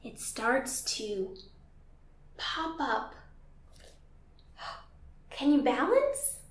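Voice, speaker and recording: A woman leads a yoga class for small children, talking very slowly in a gentle, playful tone. Her voice sits high, and she sometimes sings a line or barks like a dog. The sound is roomy and comes from some distance away from the mic. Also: wildly swooping pitch, slight background noise. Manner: slow, gentle and playful, with sung lines and animal sounds. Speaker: kids yoga teacher.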